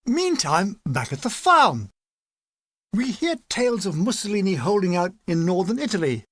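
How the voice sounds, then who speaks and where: A man reading a war memoir aloud as an audiobook narrator, lively and animated, slipping into character voices. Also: high-pitched, normal speed, no room sound, studio quality. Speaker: audiobook reader.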